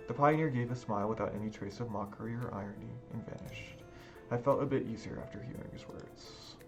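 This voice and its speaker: Man reading a visual novel aloud, subdued and brooding, low voice, game music playing under him. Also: brisk, gravelly, hardly any pauses. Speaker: game let's-player.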